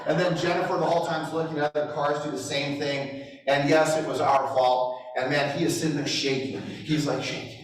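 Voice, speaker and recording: A middle-aged real estate trainer delivers a motivational speech built on stories, with self-deprecating humor and chuckles. His voice is fairly high, flat in delivery, and fairly quick, recorded on a distant mic in an echoey hall.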